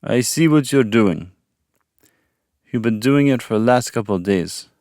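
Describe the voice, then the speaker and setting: A man's voice: mid-range voice, lively intonation, a little slow, a little mellow, no echo, clean studio sound. A man voicing a lonely, guarded male vampire who has lived alone in a castle for years, speaking warily and defensively. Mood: wary. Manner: defensive, wary.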